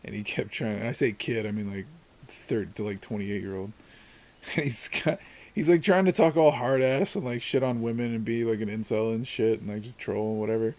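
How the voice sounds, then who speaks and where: A man's voice: lowish voice, steady tone, fairly quick, darkish tone. A man casually chatting and joking while playing a co-op game, rambling and laughing often. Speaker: co-host. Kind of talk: casual gaming chat.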